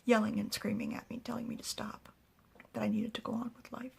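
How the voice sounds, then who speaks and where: A woman's voice: on the high side, little pitch movement, a little fast, gravelly, darkish tone, slightly rough, pitched above the performer's own voice, heavily acted. A woman voicing a grieving, anguished woman in a tearful whispered role-play. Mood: distraught. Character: grieving elderly female friend, anguished.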